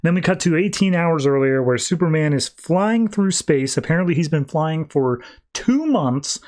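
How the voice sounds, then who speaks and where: Guy on a comics podcast, voice a bit on the high side, just rambling through the plot casual like. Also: animated, normal speed, darkish tone. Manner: loose, rambling summary full of 'he's like' paraphrase. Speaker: podcast host. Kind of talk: casual comic book recap.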